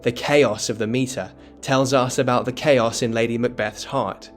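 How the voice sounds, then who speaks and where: A man giving scripted educational narration that explains a play, in a measured, dramatic storytelling tone. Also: mid-range voice, steady tone, faint music behind. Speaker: literature explainer.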